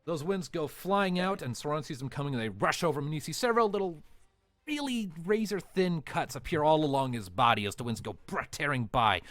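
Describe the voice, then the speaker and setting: A man's voice: on the high side, animated, a little fast, a bit bright, no echo. A man narrating a tabletop game as game master, in loose, hedging phrasing full of "sort of" and "like".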